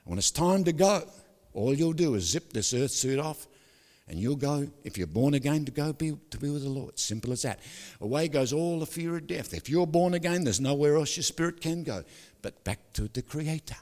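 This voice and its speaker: An older man, preaching a sermon with jokes, stories and sudden loud outbursts. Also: on the high side, lively intonation, normal speed. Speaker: pastor. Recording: hall reverb.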